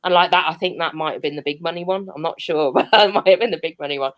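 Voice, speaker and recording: A woman's voice: low-pitched, fast talker. A young woman from Birmingham with a Birmingham accent doing a chatty, rambling stand-up set over a video call from her home, full of ums and self-mocking laughs. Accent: Birmingham English. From Birmingham, England. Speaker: stand-up comedian. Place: seated at home.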